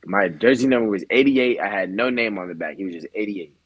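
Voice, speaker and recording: Laid-back young baseball player, low voice. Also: male voice, fast talker, breathy edge, dull audio. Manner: laid-back storytelling with slang. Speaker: professional baseball player guest. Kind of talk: casual podcast interview.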